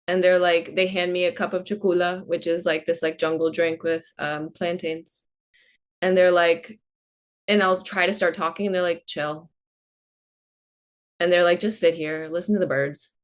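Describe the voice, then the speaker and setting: A woman talks as a guest on a podcast, and her voice sits a little lower than most women's. She is reflective and earnest and takes her time. She leans often on "like" as she thinks aloud. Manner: unhurried and earnest, with frequent "like" fillers. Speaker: podcast guest, holistic coach.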